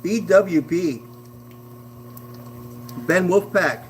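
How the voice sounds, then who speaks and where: A man chats on a live stream in a relaxed, unhurried way, his voice riding high with lots of lively rise and fall. He laughs often and keeps things easygoing and friendly. A faint hum sits underneath. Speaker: potter hosting a live stream. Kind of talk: casual live-stream chat with viewers.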